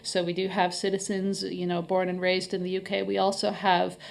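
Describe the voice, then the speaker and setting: A woman's voice: lowish voice, monotone, normal speed, vocal fry, a little hiss or hum. A middle-aged Canadian woman, a guest on a podcast interview, explaining things in a friendly way with many fillers. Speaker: head of marketing, interview guest.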